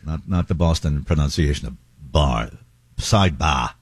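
A man's voice: sits low, sing-song, a little fast, noisy background. A man hosting a talk radio show, chatting casually with wandering asides.

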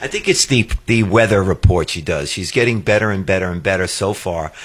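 A man of about seventy with a New York accent and a very low voice talks on a radio chat show. He speaks in a measured way and pauses on fillers as he gathers his thoughts. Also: fairly bright tone, slightly rough. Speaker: director of technology, radio co-host.

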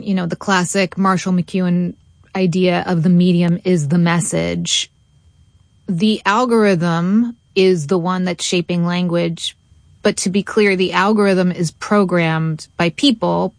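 A woman's voice: lowish voice, no room sound. A woman hosting a radio interview, asking probing follow-up questions. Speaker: radio host.

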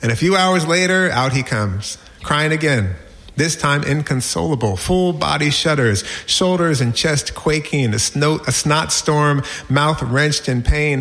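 A man in his forties reading a personal essay aloud with wry, lively storytelling. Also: fairly high pitch, measured pace. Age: 40s. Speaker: narrator.

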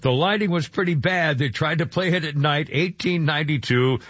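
A man's voice: a little high, normal speed, fairly bright tone, husky, no room sound. A man in his seventies hosting a talk radio show, rambling and chuckling with lots of restarts. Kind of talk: casual talk radio chat. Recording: dull lo-fi radio broadcast, dry.

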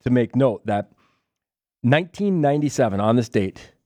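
A man's voice: medium pitch, animated, moderate pace, warm tone, no room sound. A man hosting a radio show from the studio, chatting loosely and hesitantly with fillers. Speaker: radio host. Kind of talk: casual radio banter. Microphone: studio mic.

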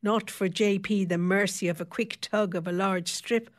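A woman reading a novel aloud as audiobook narrator, in steady, expressive storytelling. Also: on the low side, normal speed, few pauses. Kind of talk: scripted narration.

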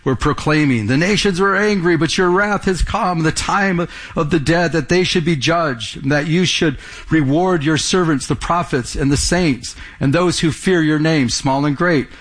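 A man's voice: a little high, normal speed, a bit bright. A man pastor preaching a verse-by-verse sermon in a conversational way, often repeating words and asking the congregation questions.

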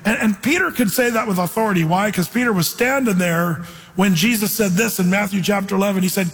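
A man's voice: high voice, fairly quick, fairly bright tone, breathy edge, in a large hall, low-quality recording. A man preaching an informal, earnest sermon in a church, quoting scripture and putting on voices to make his points. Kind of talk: conversational sermon.

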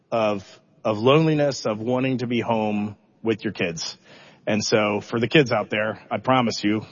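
Animated storytelling commander, dull sound. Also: male voice, medium pitch. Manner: animated, self-deprecating storyteller who acts out his own reactions. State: emotional, holding back tears. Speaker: spacecraft commander. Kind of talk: storytelling in a public interview.

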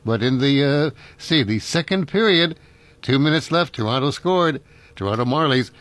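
A man's voice: mid-range voice, expressive, moderate pace, a bit bright, dry recording. A man, hosting a local radio call-in show in a rambling, folksy way with frequent chuckles. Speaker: radio talk show host.

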